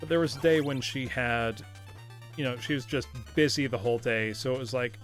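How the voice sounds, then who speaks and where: A man's voice: medium pitch, fairly quick, soft background music. Chatty American man streaming games. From United States. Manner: chatty storyteller, laughs often, reads chat aloud. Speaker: streamer host. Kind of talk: casual live-stream chat while gaming.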